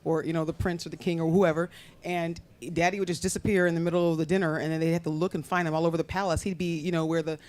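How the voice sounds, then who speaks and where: Fast-talking woman telling family stories. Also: on the low side, level tone, a little mellow. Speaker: interview guest, daughter of the film's subject. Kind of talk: casual interview chat.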